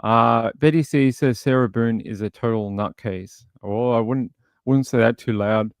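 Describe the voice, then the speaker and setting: A man's voice: medium pitch, unhurried, clean tone, no room sound. A man hosting a casual livestream, chatting and thinking aloud as he scrolls through material. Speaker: livestream host.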